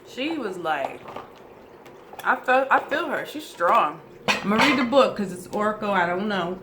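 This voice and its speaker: A woman's voice: mid-range voice, very animated, moderate pace, sharp tone, a little hiss or hum. Chatty woman reading tarot. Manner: goofy, chatty, swears freely, addresses viewers as y'all. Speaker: tarot reader. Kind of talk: casual oracle card reading to camera.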